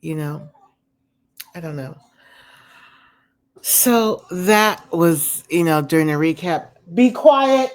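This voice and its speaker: A woman's voice: low-pitched, slow, pauses often. A woman vlogger casually recapping a reality show at home, rambling with lots of "you know" and "um" fillers and giving candid opinions. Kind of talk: casual chatty recap commentary. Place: home with a dog nearby.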